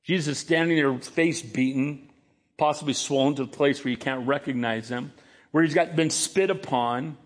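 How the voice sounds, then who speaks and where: A man's voice: mid-range voice, moderate pace. A male pastor preaching a sermon, emphatic and dramatic as he retells a scene.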